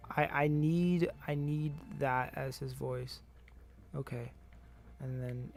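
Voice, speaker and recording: A young adult man streaming a video game, tired and rambling, with profane deadpan grumbling. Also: medium pitch, a little slow, vocal fry. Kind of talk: casual gameplay commentary.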